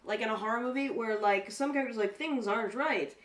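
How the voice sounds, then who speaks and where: A woman's voice: on the high side, fast talker, far from the mic. Chatty podcast co-host, woman, sits back from the mic in an echoey room. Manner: chatty, swearing, animated retellings. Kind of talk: casual chat.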